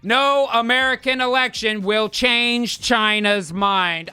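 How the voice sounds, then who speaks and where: A fired-up man delivers profane political commentary to his podcast audience. His voice sits high and bright, with a crisp edge. A little music plays faintly behind him. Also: animated, moderate pace, no room sound. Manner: heated, swearing, rants at the audience. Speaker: podcast host.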